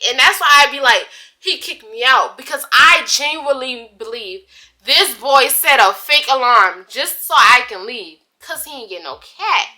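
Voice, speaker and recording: A woman's voice: high voice, moderate pace. A young woman in a casual storytime vlog, chatty and dramatic, using slang and talking straight to her viewers. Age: young adult. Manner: chatty, animated, dramatic retelling with asides to viewers; drawled slang, casual speech. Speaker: vlogger.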